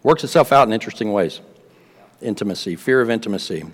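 A man's voice: fairly low pitch, lively intonation, fast talker, slightly rough. A man preaching a sermon in a casual, conversational way, often repeating words and asking the congregation questions. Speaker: pastor. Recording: long reverb of a hall.

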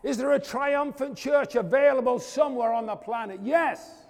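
A man preaching a sermon as pastor, fervent, calling out to the congregation and swinging from loud declarations to hushed asides. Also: very high voice, moderate pace, gravelly, in a large hall. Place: church.

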